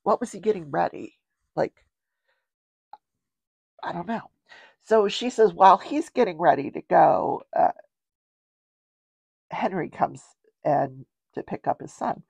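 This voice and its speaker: A woman's voice: lowish voice, animated, a little slow, creaky, long pauses, a little mellow, slightly rough, no echo, dull audio. An older woman hosting a show, recapping a trial in a chatty, rambling way with wry asides. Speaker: true-crime show host.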